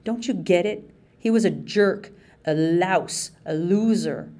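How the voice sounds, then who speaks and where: A woman reading an audiobook, voicing a furious, scornful teenage girl in a sharp, raised voice. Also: lowish voice, slow.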